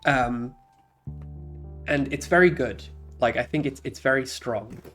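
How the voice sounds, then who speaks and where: A man's voice: medium pitch, measured pace, a bit bright, soft background music. A man streaming, chatting casually about games he played, rambling with many fillers and restarts and laughing often. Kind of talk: casual chat.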